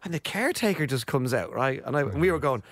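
A man with an Irish accent, a comedian guest telling stories in a casual chat, animated and laughing, acting out the voices of people in his anecdotes. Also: medium pitch, fast, no echo. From Ireland. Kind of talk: casual radio chat, storytelling.

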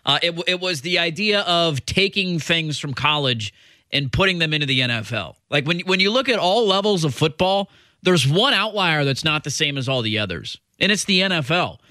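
A man's voice: on the high side, expressive, normal speed, pushed and bright, dry recording, clean studio sound. A man with a nasal voice co-hosting a sports talk show, explaining points in casual chat. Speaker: sports radio co-host.

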